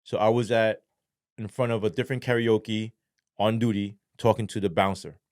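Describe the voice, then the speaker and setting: A man's voice: lowish voice, steady tone, normal speed, a little mellow, dry recording, studio quality. A man in an interview telling his story bluntly and casually, swearing often and tagging his points with "right?". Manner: blunt, heavy swearing, frequent "right?" asides. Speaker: podcast guest, former police sergeant.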